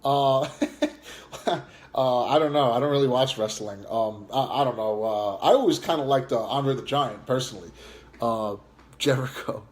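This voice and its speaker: A man's voice: mid-range voice, unhurried, darkish tone. A man with a New York accent from Long Island, ranting in casual live chat, taunting and mocking a viewer with lots of fillers. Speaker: live stream host.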